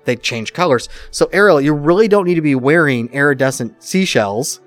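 A man's voice: fairly high pitch, moderate pace, faint music behind. A middle-aged man co-hosting a podcast, chatting casually and acting out the lines of the people in his stories. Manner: animated storyteller who acts out quotes. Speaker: podcast co-host. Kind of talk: casual chat.

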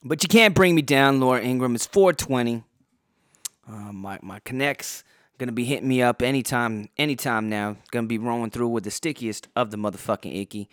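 A man's voice: mid-range voice, fairly quick, fairly bright tone, no room sound, clean studio sound. A man hosting a podcast, ranting heatedly and swearing constantly, with a sore throat and a worn-out voice. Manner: heavily profane, heated ranting. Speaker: podcast host. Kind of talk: angry podcast rant.

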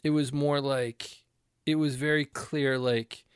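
A man's voice: mid-range voice, fairly even intonation, takes it slowly, clear, resonant tone, no echo, clean studio sound. A man hosting a casual conversation, talking animatedly and restarting his sentences as he works through his ideas.

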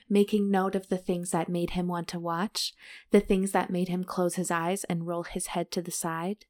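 Giggly woman reading a romance novel aloud. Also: lowish voice. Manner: giggly, reads passages then jokes about them. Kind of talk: casual chat and reading aloud.

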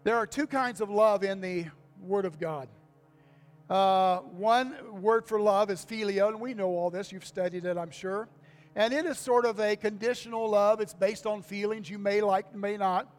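A man's voice: sits high, moderate pace, faint music behind. An older man preaching to his congregation in a folksy manner, repeating key lines and asking for amens. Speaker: pastor. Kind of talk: sermon. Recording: long reverb of a church hall.

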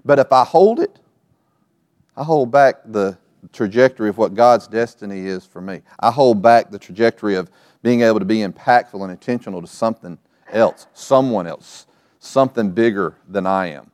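A man's voice: on the low side, moderate pace, a little mellow, dry recording. A middle-aged man preaching a sermon to his church, telling family stories and acting out the voices in them. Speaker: pastor. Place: church sanctuary.

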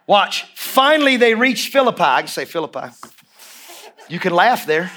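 High-pitched guy preaching hard, repeats stuff, shouts, jokes with the church. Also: moderate pace. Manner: energetic, emphatic preaching that repeats phrases and swings into shouts; jokey and informal with the congregation. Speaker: pastor. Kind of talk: sermon.

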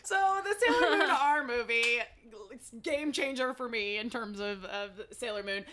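A woman hosting a casual podcast chat, talking in a quick, animated way with frequent laughter. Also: on the high side. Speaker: podcast host.

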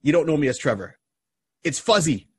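A man doing his teasing high-voiced cousin. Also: big pitch swings, fairly quick, darkish tone, slightly rough, no echo, full character voice. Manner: playful, high-pitched, insistent. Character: teasing grown male cousin on the phone.

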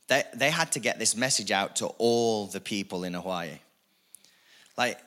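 Male pastor, bright and forceful tone, energetic repetitive sermon delivery with casual asides. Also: lowish voice. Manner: energetic, repetitive preaching with rising emphasis and asides.

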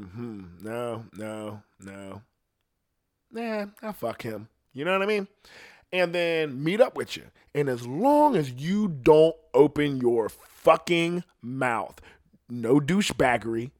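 A middle-aged man ranting crudely in a casual rambling monologue, telling stories and quoting others in passing voices. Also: on the high side. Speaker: podcast host. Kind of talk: profane casual rant.

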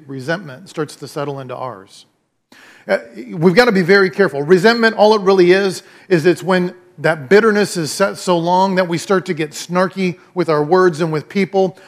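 A man with a notably high-pitched voice delivers a sermon. He speaks in a conversational, emphatic way and comes back to his main phrases again and again. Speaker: pastor.

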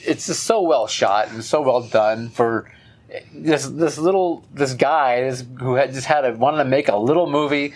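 A podcast co-host chatting casually about an old film, telling it in an animated way with many restarts. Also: mid-range voice, normal speed. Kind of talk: casual chat.

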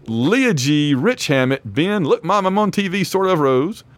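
Hoarse, chatty male podcast host. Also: a little high, lively intonation, takes it slowly, no room sound. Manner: chatty, rambling, laughs often. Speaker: lecturer. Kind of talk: casual chat.

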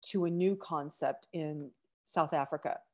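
A middle-aged woman speaks slowly and earnestly as she hosts an inspirational podcast. Her voice sits a little low, and it carries emotion, with sighs and broken-off phrases. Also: darkish tone. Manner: slow, earnest, emotional, breaks off to sigh. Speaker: podcast host.

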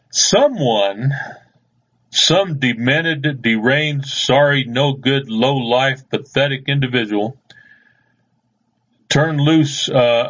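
A man's voice: medium pitch, lo-fi sound. A man hosting a radio show, rambling through news stories in a folksy, casual way and chuckling at his own stories.

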